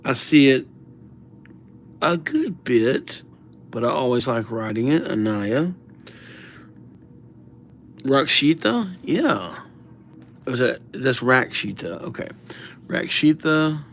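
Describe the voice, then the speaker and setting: Man, live-stream host, unhurried drawl, reads names aloud, casual jokey chat, drifts off mic. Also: medium pitch, very animated, fairly bright tone, a little hiss or hum. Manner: slow, mumbled, drifting in and out of the mic while writing. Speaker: livestream calligraphy host.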